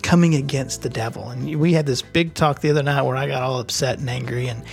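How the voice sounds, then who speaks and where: A man's voice: mid-range voice, fairly even intonation, fast, vocal fry, soft background music. A man co-hosting a casual faith discussion, hesitant and searching for his words with many restarts. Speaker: podcast co-host.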